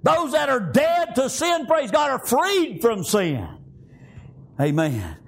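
A man preaching a fervent sermon, often breaking into shouts and filling his lines with "praise God" and "amen.". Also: extremely high pitch, huge pitch swings, takes it slowly, creaky.

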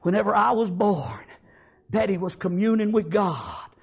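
A man's voice: high-pitched, very animated, normal speed, vocal fry, slightly rough, full character voice. A preacher voicing a fervent old grandfather. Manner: fervent, bursting into shouted praise.

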